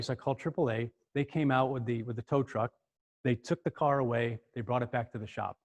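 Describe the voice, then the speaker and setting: A middle-aged man giving a storytelling talk, animated and repeating words as he goes. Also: medium pitch, quick pace, husky. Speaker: speaker.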